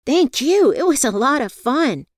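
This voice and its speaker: A woman voicing an excited young woman who gushes in a bright, lifted voice. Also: sits high, measured pace, no echo, studio quality, pitched above the performer's own voice.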